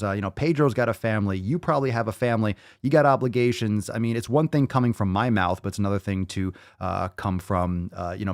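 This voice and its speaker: A man's voice: lowish voice, a little mellow, no echo, clean studio sound. A man hosting a podcast, talking casually with lots of swearing, jokes and repeated phrases. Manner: profane, jokey, repeats phrases. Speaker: podcast host.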